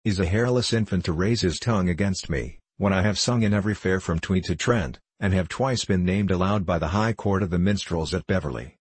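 A man's voice: deep voice, brisk, hardly any pauses, slightly rough, no room sound. A man reading the part of a proud, touchy old minstrel. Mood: indignant.

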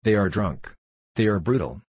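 A man voicing a quiet, weary father. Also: on the low side, lively intonation, moderate pace, slightly rough, no echo. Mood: resigned.

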